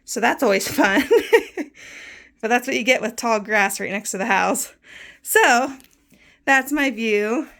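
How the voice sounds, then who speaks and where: A woman's voice: a little high, a little slow, pauses often, a bit bright. A woman in her thirties, a bit out of breath, chatting casually while she gives a tour of her home soap room and lists items with easy laughs. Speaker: soap maker giving a studio tour.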